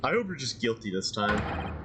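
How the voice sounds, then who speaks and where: A man's voice: on the low side, moderate pace, very noisy. A young man casually commentating a game he plays, rambling and swearing. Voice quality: rambling, profane, excitable. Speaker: let's play streamer.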